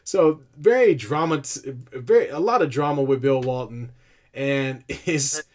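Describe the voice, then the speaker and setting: Brief: male sports podcast co-host, medium pitch, animated ranting delivery. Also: a little slow, a crowd in the background. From California. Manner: animated, ranting, lots of restarts and laughs. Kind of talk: casual sports talk.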